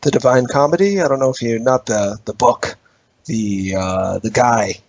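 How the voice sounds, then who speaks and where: A man's voice: mid-range voice, moderate pace, a little mellow, no room sound. A man in casual podcast chat, dry and amused. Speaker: podcast co-host. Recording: dry, dull lo-fi audio.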